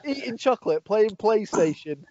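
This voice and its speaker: A man's voice: sits high, expressive, moderate pace, warm tone, slight background noise. A man hosting a podcast, asking questions in a loose, chatty way. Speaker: podcast host. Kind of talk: casual podcast chat. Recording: dull lo-fi audio.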